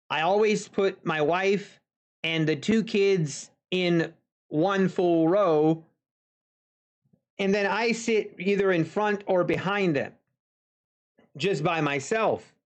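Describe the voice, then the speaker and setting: A man's voice: sits high, slow pace, pauses often. A man telling a casual story to viewers of his live trading stream, chatty, with folksy asides. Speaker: futures trader streaming live. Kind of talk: casual anecdote on a livestream.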